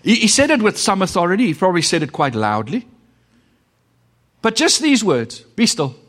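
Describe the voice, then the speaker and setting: Middle-aged South African male pastor, animated preaching with dramatic pauses, in a reverberant hall. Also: high-pitched. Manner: animated, dramatic pauses, swings from loud to hushed. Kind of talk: sermon.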